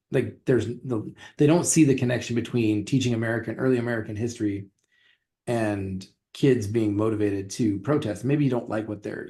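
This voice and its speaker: A man's voice: on the low side, creaky, mellow. A man who teaches history, co-hosting a casual podcast and rambling with restarts and fillers.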